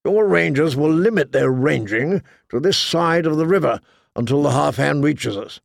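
Man doing a gruff old commander, raised voice. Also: a little high, expressive, moderate pace, no echo, clean studio sound. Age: older. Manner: brusque, decisive orders.

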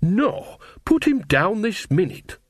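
Man voicing old witch woman, jolly, homely, scolding, brisk, dry sound. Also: mid-range voice, lively intonation, fairly bright tone, no room sound.

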